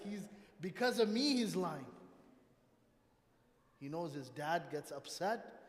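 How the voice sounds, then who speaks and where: A middle-aged man giving a Friday talk at a mosque, telling family stories and acting out the voices of father and son. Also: fairly high pitch. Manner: animated storytelling, acts out family dialogue. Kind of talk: sermon with personal stories. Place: mosque prayer hall. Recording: echoey hall livestream.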